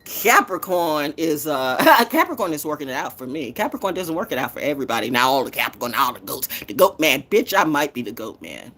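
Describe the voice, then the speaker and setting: A woman's voice: low voice, very animated, fairly quick, hardly any pauses, fairly bright tone. A woman poet who hosts her own show, ranting in a defiant, profane, trash-talking way. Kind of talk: confrontational rant.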